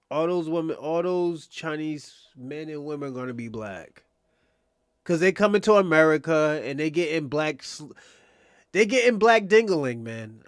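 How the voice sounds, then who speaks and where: Male streamer host, high voice, dead-dry sound, rambling profane riffing at chat regulars. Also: no echo. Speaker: livestream host. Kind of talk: casual livestream commentary addressing chat.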